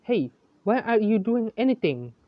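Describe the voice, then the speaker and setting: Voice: mid-range voice, big pitch swings, normal speed, dry recording, voice pushed up, lightly acted. A fan storyteller voicing a laid-back, blunt teenage boy with skeleton powers in a lo-fi, dry recording. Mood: casual. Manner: casual and blunt, scolding. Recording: dull, lo-fi, dry.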